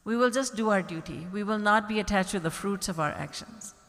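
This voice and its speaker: A woman's voice: mid-range voice, brisk, fairly bright tone. Woman, spiritual teacher giving a storytelling discourse, long hall echo. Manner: storytelling with acted quotes, emphatic repetition.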